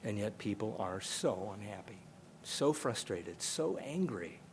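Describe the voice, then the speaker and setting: Emphatic older preacher. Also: male voice, fairly low pitch, sing-song, measured pace, slight background noise. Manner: emphatic, conversational, repeats for emphasis. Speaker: pastor. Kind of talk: sermon.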